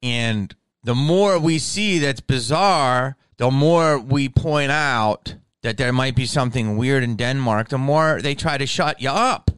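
A man talking straight to camera in a comedic monologue vlog. He rants in an animated, profane way. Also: mid-range voice, measured pace, hardly any pauses, clear, resonant tone, no room sound.

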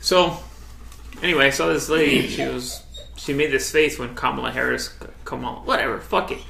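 A man's voice: medium pitch, steady tone, fairly quick, creaky, echoey room, background noise. A man co-hosting a podcast, talking in loose, profane banter and saying "dude" a lot. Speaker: podcast co-host.

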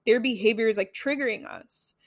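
A woman's voice: fairly high pitch, brisk, no room sound, clean studio sound. A young woman talking casually about self-reflection, full of "like" and "right?", with some swearing. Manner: chatty, lots of "like" and "right?". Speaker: self-help speaker. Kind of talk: casual monologue.

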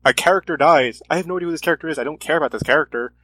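Earnest man with a higher voice. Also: rapid-fire, a bit bright. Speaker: comic podcast co-host. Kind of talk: casual chat.

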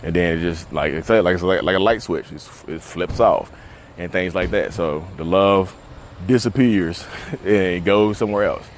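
Deep-voiced man vlogging outdoors. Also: normal speed, slight background noise. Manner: rambling, conversational, many fillers. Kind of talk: casual talk to camera. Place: outdoors at the beach.

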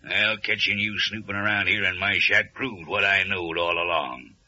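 An actor playing a gruff, menacing rural fisherman villain with a folksy, ungrammatical drawl, in 1940s radio acting. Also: deep voice, normal speed, sharp tone, no echo, exaggerated voice. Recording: muffled old radio recording.

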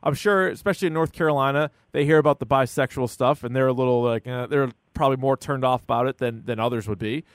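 Man, podcast co-host, casual chatty delivery, average pitch, dry close sound. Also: quick pace, hardly any pauses, dry recording. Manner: chatty, peppered with "like", acts out quotes. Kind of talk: casual chat about a true-crime series.

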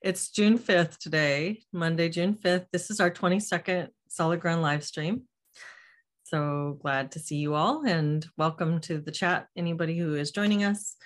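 Low-voiced woman hosting a live chat. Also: normal speed. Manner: friendly, rephrases questions as she goes. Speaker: live stream host. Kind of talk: casual group chat moderating.

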